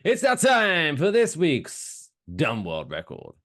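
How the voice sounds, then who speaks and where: This man's pitch sits fairly high and swings hugely, and his slow delivery has a slightly bright quality. Co-hosting a laid-back podcast, he mocks the news with sarcasm, plenty of swearing, and goofy voices.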